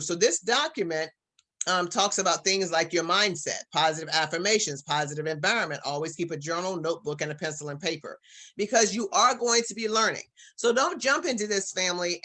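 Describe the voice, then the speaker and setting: Bright-voiced upbeat female business coach. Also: on the low side. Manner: upbeat and encouraging, addresses audience as family. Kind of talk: casual online coaching presentation.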